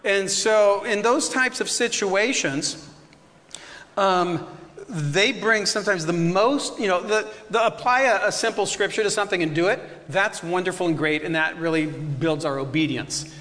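A man answering questions in a discussion, acting out voices in lively, laughing bursts. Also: high-pitched, normal speed, long reverb tail. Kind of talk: animated Q&A discussion.

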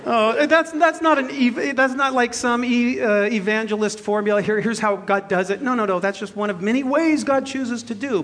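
Animated high-voiced man preaching. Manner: jokey, self-deprecating, laughs often; animated, shifts between loud and soft. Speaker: pastor. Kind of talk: sermon with personal story.

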